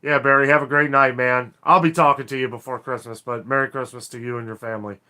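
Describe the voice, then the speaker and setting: A man's voice: mid-range voice, steady tone, fast, pushed and bright, clear, resonant tone. A man hosting a casual live stream, chatting in a rambling way and reading viewer comments aloud. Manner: rambling, chatty, apologetic, laughs often.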